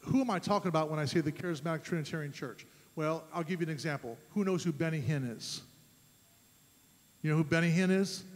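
A man preaching a sermon as pastor, emphatic, rising to loud fervent peaks. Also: on the high side, quick pace. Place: church sanctuary. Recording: long church reverb.

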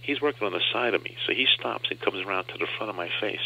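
A man's voice: lowish voice, fast, vocal fry, pushed and bright, slightly rough. A man, a comedian guest on a radio interview show, telling a story and acting out the other voices in it. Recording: dull lo-fi radio sound.

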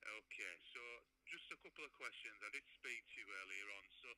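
A man handling a customer service call, calm and patient, asking methodical questions. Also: on the low side, brisk, a little hiss or hum, low-quality recording. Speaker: water company call handler.

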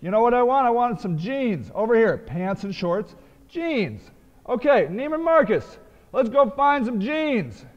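A man's voice: extremely high pitch, sing-song, a little slow. A man hosting a web marketing show, talking emphatically about good and bad websites. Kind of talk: energetic video commentary. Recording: dull, roomy lo-fi web video audio.

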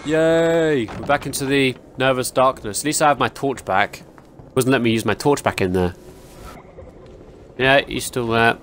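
A man's voice: medium pitch, moderate pace, fairly bright tone, a little hiss or hum. A young man giving jumpy, exclaiming commentary while playing a horror game and talking to its characters. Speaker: gaming YouTuber.

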